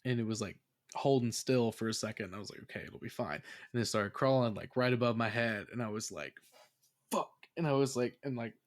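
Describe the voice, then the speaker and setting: Man telling a story with animated swears. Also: mid-range voice, fast. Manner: animated storytelling, heavy swearing, laughs often. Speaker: podcast host. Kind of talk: casual chat.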